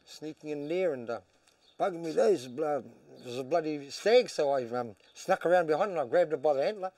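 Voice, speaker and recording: A man, a boxing trainer and hunter, telling animated hunting stories in casual chat. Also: fairly high pitch, fairly quick, dry recording, distant mic. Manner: animated, tells stories, swears. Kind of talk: casual storytelling.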